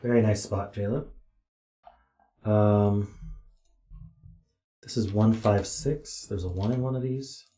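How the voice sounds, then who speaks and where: A tired man thinking aloud as he solves a puzzle on a stream, slowly counting digits under his breath. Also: fairly low pitch, dark tone, reverberant. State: tired, yawning. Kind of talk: thinking aloud while solving.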